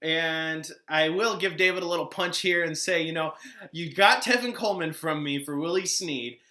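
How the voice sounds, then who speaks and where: A man's voice: a little high, normal speed, sharp tone. A man hosting a fantasy football recap, chatting in a casual, exasperated way with laughing asides.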